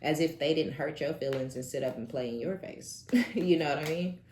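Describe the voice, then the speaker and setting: A woman with a very deep voice reads tarot in a loose, animated way, peppering it with swearing and laughing asides. Her comes through, and the room around her sounds echoey. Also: brisk, slight background noise. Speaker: tarot reader. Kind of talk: casual tarot reading.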